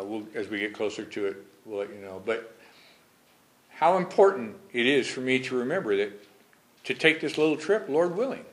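A man's voice: medium pitch, a bit bright. A man preaching a Bible study. He reads scripture verses formally, then comments on them in a conversational way and asks his congregation questions.

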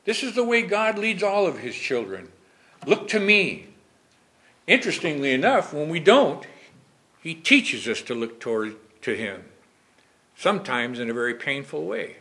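A man leading a Bible study sermon, his voice bright and forceful and pitched a little above most men's. He reads the old verses in a formal cadence, then drops into easy, conversational commentary. Now and then he puts questions to his listeners. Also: sing-song, moderate pace. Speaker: preacher.

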